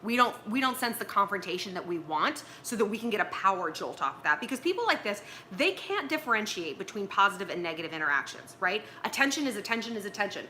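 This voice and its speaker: Blunt la woman giving advice on a home livestream, lively swooping voice, swears a lot. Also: medium pitch, quick pace, hardly any pauses, slight background noise. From Los Angeles, US. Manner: blunt, animated, swears freely. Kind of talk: casual livestream advice talk. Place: at home with pillows and tea.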